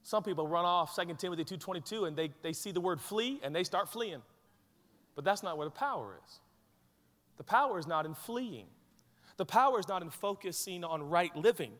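A man preaching with a high, bright voice that leaps up and down in pitch. He swings from hushed, intimate asides to shouted peaks. The sound rings with long reverb from a large church hall. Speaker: pastor. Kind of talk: sermon.

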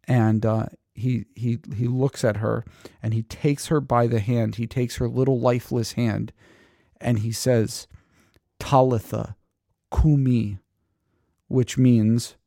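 Gravelly dry-voiced man explaining scripture. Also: medium pitch, level tone, a little slow, dark tone, dry recording. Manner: conversational, many fillers and restarts. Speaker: Bible teacher. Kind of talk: casual Bible commentary.

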